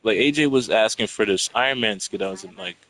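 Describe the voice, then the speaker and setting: A man's voice: fairly low pitch, quick pace, fairly bright tone, poor audio. A young man in a casual, rambling rant, profane and irritated as he tells what happened between him and his friends. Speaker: storyteller venting to a friend.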